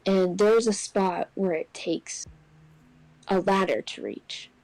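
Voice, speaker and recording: A woman's voice: mid-range voice, takes it slowly, no echo, rough recording. Young woman telling a ghost story. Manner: animated, acts out quotes in raised voice. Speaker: podcast co-host. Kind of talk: casual storytelling.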